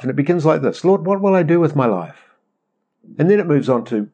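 A middle-aged man preaching a conversational sermon, animated and rambling as he acts out prayers. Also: a little high, brisk. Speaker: pastor.

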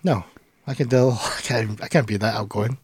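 A man's voice: medium pitch, fairly even intonation, normal speed, husky, dry recording, studio quality. Easygoing guy giving short replies. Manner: brief laid-back replies. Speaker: podcast co-host. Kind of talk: casual chat.

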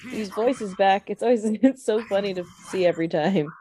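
A woman's voice: mid-range voice, brisk, warm tone. A woman guest on a gameplay livestream, coaching and cheering the player and laughing often. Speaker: guest, convention organizer. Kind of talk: casual gameplay livestream chat. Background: game music.

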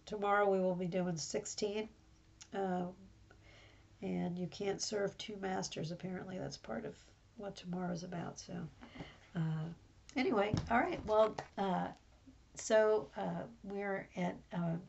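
A woman's voice: medium pitch, vocal fry, a little mellow, breathy edge, lo-fi sound. A woman hosting a casual Bible teaching podcast from home, talking in a rambling, conversational way with many fillers. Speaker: podcast host.

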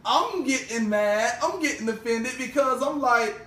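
Young man, casual storyteller, acts out each quoted voice, high voice, distant mic in an echoey room. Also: unhurried, a crowd in the background. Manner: animated, acts out every quoted voice. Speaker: podcast co-host. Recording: roomy, distant mic with faint ambience.

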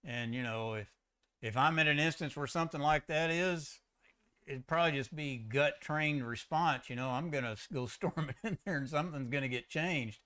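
A man's voice: a little high, normal speed, pushed and bright, clean tone. A middle-aged man and former policeman, talking candidly about faith in a rambling way that often restarts its sentences. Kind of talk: faith discussion.

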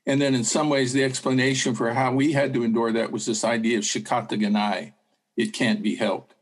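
A man's voice: mid-range voice, slightly rough, poor audio. A man giving an impassioned speech at a forum, building his points through rhetorical repetition. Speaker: speaker at a forum.

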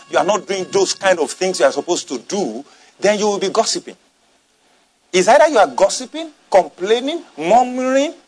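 A man preaching a sermon as pastor, emphatic, repeating lines and calling on the congregation to respond. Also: sits high.

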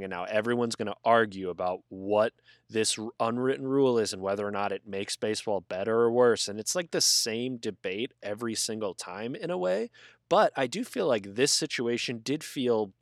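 A man's voice: mid-range voice, no room sound, clean studio sound. A man co-hosting a casual sports podcast, talking bluntly and swearing freely as he rambles through his points. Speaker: podcast co-host. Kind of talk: casual chat.

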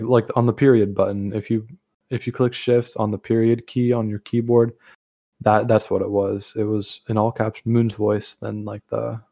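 A young man with a lowish, creaky, warm voice hosts a casual chat. He rambles, full of fillers, restarts, and self-corrections.

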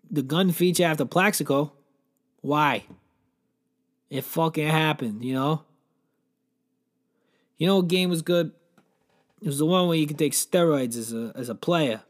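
A man hosting a comedy podcast, telling a crude, rambling, profane story in a brash, joking rant. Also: fairly high pitch.

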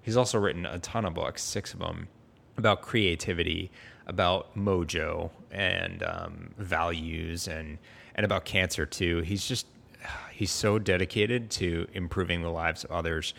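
Male podcast host, deep voice, gravelly fry, enthusiastic, jokey. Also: fairly even intonation, unhurried, a bit bright. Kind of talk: casual interview chat.

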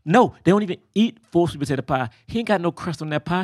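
A man's voice: a little high, lively intonation, quick pace, darkish tone, dry recording, studio quality. A man co-hosting a podcast in casual chat, emphatic, slangy and insistent when he argues a point. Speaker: podcast co-host.

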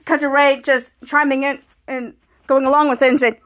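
Woman podcast host, high voice; casual scene-by-scene recap, heavy on "cut to", reads the dialogue aloud. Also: flat delivery, normal speed, a bit bright. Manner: narrates scene by scene, repeating "cut to" and reading characters' lines aloud.

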